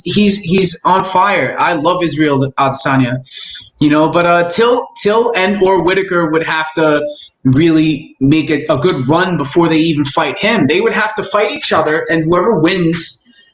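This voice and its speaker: Male podcast host, slightly high voice, profane stammering chat, roomy echo. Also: fairly bright tone. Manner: rambling, profane, stammering restarts. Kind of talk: casual chat.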